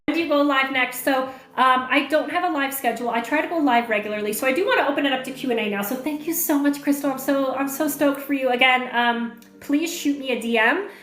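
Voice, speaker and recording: The online marketing coach on this livestream speaks briskly with few pauses, her high-pitched voice fairly bright. In an echoey room with faint music behind her, she reads comments aloud and chats through questions with many fillers.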